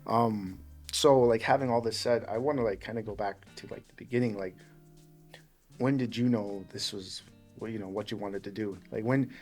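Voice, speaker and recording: A man's voice: on the low side, moderate pace, a little mellow, faint music behind. A man hosting a podcast who asks loose, rambling questions full of fillers. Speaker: podcast host. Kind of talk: casual interview.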